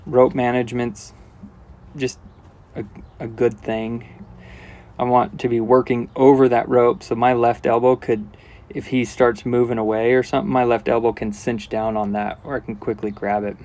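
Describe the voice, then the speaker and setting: Male trainer, mid-range voice, calm hands-on teaching commentary with casual asides. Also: mid-range voice, moderate pace. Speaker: horse trainer. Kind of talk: instructional commentary while working.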